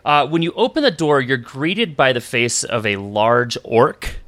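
A man narrating as game master of a tabletop game, relaxed and chuckling, slowing down for descriptions. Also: mid-range voice, dry recording, studio quality.

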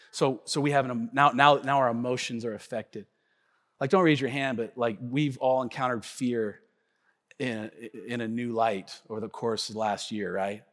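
A man's voice: on the high side, a bit bright. A man in his thirties preaching a sermon, telling a story animatedly and acting out the voices in it. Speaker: pastor. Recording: long hall reverb.

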